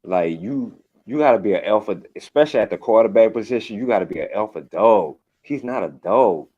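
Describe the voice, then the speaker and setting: A man's voice: on the low side, lively intonation, fairly quick. A man calling into a sports show, blunt, emphatic and slangy. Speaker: call-in guest. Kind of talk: casual sports opinion. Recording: dull lo-fi call audio.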